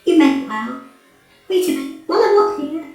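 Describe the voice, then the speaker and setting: A man voicing a giggly, clumsy female robot sweetheart in a falsetto for an audiobook. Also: animated, normal speed, creaky, exaggerated voice. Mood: chirpy. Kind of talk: audiobook character voice. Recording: echoey room, voice from afar, music behind.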